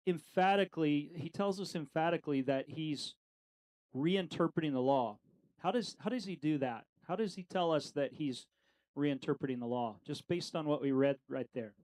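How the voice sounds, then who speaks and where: Man, middle-aged, Bible study teacher, slightly high voice, conversational, filler-heavy, asks the group questions. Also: expressive, measured pace, a little mellow, rough recording.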